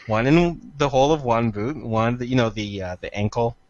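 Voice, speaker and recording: A man narrating as game master, rambling with frequent pauses and fillers. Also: medium pitch, darkish tone, dry recording, dull audio. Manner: rambling, halting with fillers, laughing at himself.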